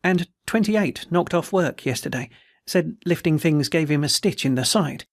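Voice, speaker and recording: A man's voice: fairly high pitch, animated, moderate pace, dry recording, studio quality, pitched above the performer's own voice. A man voicing a persistent, confiding middle-aged prison head warder with informal, chatty speech. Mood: reporting.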